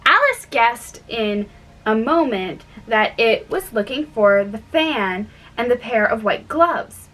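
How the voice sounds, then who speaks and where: Slow-reading woman narrator for a storybook, deliberate, distant mic with soft music under it. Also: a little high, lively intonation. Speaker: audiobook reader.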